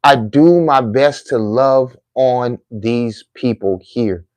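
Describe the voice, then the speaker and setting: A middle-aged man delivers a heartfelt, emphatic monologue to his viewers, repeating phrases the way a preacher would. His voice is medium-pitched, slow and a little mellow, with no echo.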